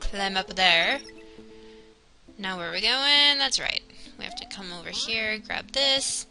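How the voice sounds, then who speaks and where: A young woman giving casual, excitable commentary while playing a video game, talking to herself and the game. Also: mid-range voice, measured pace, poor audio. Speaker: let's player. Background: game music.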